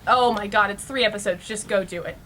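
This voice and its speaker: A woman's voice: medium pitch, fast, a bit bright, slight background noise. A woman co-hosting a casual podcast, bubbly and laughing a lot, eagerly pushing her favourite shows on the others. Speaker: podcast co-host. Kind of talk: casual chat.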